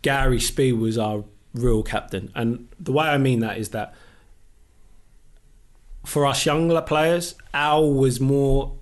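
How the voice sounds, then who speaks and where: A middle-aged man, a former footballer, telling animated stories as a podcast guest and swearing freely. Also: medium pitch, slow pace. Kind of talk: casual storytelling interview.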